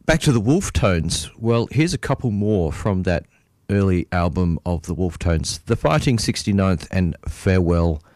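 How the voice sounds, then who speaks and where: A man hosting a radio folk music show, talking casually with many pauses and fillers. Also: low voice, lively intonation, darkish tone, no echo, clean studio sound. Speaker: radio host.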